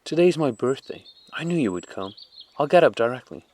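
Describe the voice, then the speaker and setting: A man voicing an affectionate, excitable little boy who talks in a high, eager childlike way. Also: brisk, natural voice. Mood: excited.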